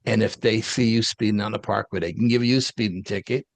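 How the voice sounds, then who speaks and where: A man's voice: fairly low pitch, fairly even intonation, fast, creaky, dry recording. A man, an interview guest telling a story in a casual, blunt, street-wise way. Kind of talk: casual first-person storytelling.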